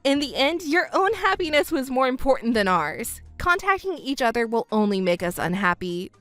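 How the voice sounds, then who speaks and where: A woman voicing a cool-headed young stepdaughter who speaks calmly and coldly in a texting story. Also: high-pitched, normal speed, no room sound, faint music behind. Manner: calm, cold and matter-of-fact.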